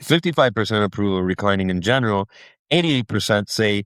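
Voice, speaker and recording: A man's voice: fairly low pitch, animated, brisk, a bit bright, clean tone, no echo. A man co-hosting a podcast in casual chat, giving short reactions and reading out figures plainly. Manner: brief reactions, reads out stats plainly. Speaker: podcast co-host.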